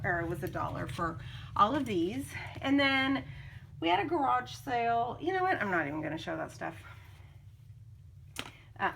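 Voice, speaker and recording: A woman's voice: mid-range voice, vocal fry, noisy background. A woman vlogging at home, chatting casually and rambling as she shows off her finds. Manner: chatty, rambling, self-interrupting. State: slightly out of breath. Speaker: craft vlogger. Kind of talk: casual show-and-tell.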